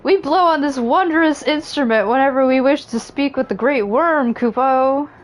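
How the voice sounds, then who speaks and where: A woman voicing a small, cheerful moogle creature in a game, speaking high and bouncy. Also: moderate pace, close to an everyday voice. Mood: chirpy. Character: chirpy little moogle creature.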